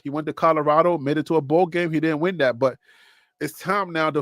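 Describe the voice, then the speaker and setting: Guy ranting casually about football, voice a bit high, dry close mic. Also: fairly quick, no room sound. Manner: animated, informal, repeats himself while building a point. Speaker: sports show host. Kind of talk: casual sports commentary.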